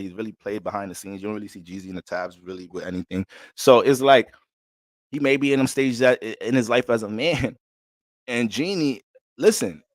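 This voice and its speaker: Man, astrologer, casual slangy livestream talk, mid pitch, dry close sound. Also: no echo. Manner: slangy, animated, laughs often.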